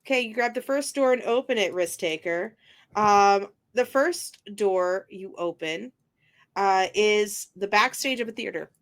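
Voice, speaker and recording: A woman with a mid-range voice serves as game master for a tabletop game, narrating the scenes haltingly with lots of pauses and filler words.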